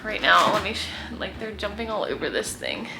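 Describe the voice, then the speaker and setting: With heavy background noise behind her, a young woman talks briskly in a creaky, mid-range voice that swings widely in pitch. She fosters kittens and vlogs, chatting casually to camera in her guest room with plenty of "like" and baby-talk cooing.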